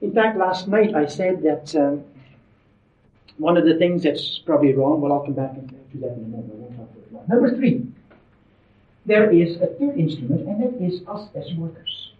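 A man's voice: a little high, expressive, normal speed. A man preaching a sermon in an emphatic, conversational way, with frequent asides to his listeners. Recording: roomy, distant, dull lo-fi sermon recording.

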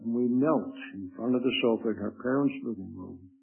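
Old guy preaching his testimony, gravelly and husky, sounds thin like over a phone. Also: mid-range voice. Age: older. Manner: earnest, measured storytelling. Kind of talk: spoken testimony. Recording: tinny lo-fi phone-like recording.

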